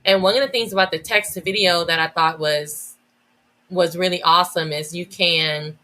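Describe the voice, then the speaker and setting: Bright-voiced enthusiastic woman guest. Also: fairly low pitch, steady tone, moderate pace. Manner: enthusiastic, many restarts and "like" fillers. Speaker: guest, educator. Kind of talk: casual podcast conversation.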